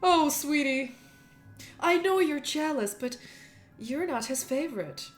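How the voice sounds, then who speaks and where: A woman's voice: high voice, expressive, slow, voice pushed up. Smug scheming young male cousin as a woman puts him on, condescending, slightly raised voice, faint music behind. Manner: condescending, sneering.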